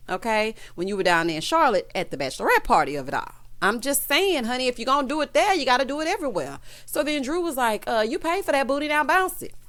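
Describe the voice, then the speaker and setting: A woman hosting a casual TV recap, sassy and dramatic, calling her viewers honey and child as she tells the story. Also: medium pitch. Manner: lively storyteller, acts out quotes. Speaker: show recap host.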